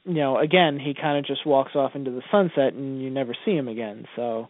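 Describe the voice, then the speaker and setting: A man's voice: medium pitch, brisk, dry recording. A man co-hosting a radio show, talking casually with many fillers and restarts. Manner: hesitant, lots of fillers and restarts. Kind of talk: casual live radio chat. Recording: tinny phone-like sound, dry.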